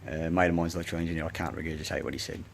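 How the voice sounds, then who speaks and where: A man with an Australian accent rants in a long, self-recorded monologue, swearing often and jumping from point to point. His voice sits very low, and a faint hiss runs underneath. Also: steady tone, rapid-fire, creaky. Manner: profane, agitated, rambling ranting. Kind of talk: rambling monologue.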